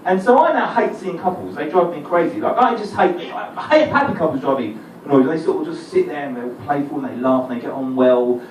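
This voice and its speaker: A man's voice: a little high, lively intonation, fairly quick. A young man with an Essex accent doing a rambling, self-deprecating stand-up set, swearing freely. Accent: Essex English. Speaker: stand-up comedian. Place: comedy club stage. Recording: roomy live club recording, distant, crowd noise. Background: audience laughter and room noise.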